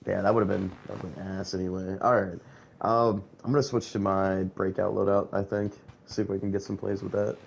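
A man's voice: deep voice, flat delivery, creaky, highs cut off, a little hiss or hum. A young man chatting casually and joking while streaming a video game with a friend. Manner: joking, rapid-fire bits like an auctioneer chant. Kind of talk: casual gaming chat.

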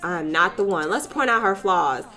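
A woman's voice: fairly low pitch, moderate pace, soft background music. A woman giving sassy, joking commentary while playing a life-sim video game. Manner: sassy, animated, slangy and joking. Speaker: let's play gamer.

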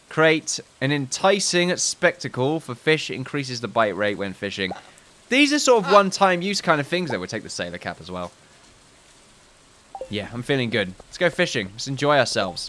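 A man chats his way through a farming game, wandering off into jokey tangents and reading item descriptions aloud. His voice sits in a middle pitch with a bright, forward edge. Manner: rambling, jokey asides, reads game text aloud. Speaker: let's play host. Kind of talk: casual gameplay commentary.

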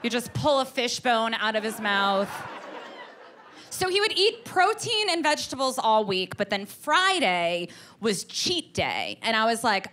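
A woman performing a stand-up comedy set, telling an animated story and slipping into voices for the people in it. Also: fairly high pitch, measured pace. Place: comedy club stage with audience.

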